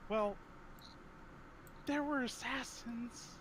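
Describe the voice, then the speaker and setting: A man's voice: very high voice, very slow, a bit bright. A man playing a tabletop game, talking in a wry, persuasive way. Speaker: player. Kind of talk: casual tabletop play.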